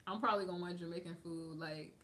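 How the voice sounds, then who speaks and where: Against a noisy background, a woman with a lowish voice talks fast. She's an American livestreamer in casual chat mode, answering viewers' comments and hopping between topics with plenty of "like" fillers.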